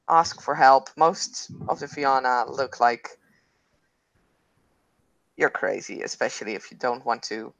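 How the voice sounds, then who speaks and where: A game master narrating a tabletop game over a video call, chatty and quick to laugh. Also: medium pitch, a bit bright, no room sound, dull audio. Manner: giggly, chatty.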